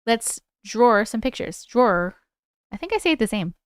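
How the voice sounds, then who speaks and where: A woman with a New York accent hosts a livestream, reading viewer stories and chatting loosely with her audience. She swears freely and laughs a lot, in a fairly high, smooth voice recorded dry and close. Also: very animated, brisk, no room sound. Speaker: livestream host.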